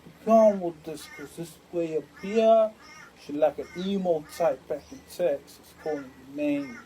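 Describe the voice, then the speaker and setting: A woman's voice: deep voice, unhurried, dark tone, highs cut off, a little hiss or hum. A woman talking in a rambling, repetitive monologue full of street slang and chant-like repeats.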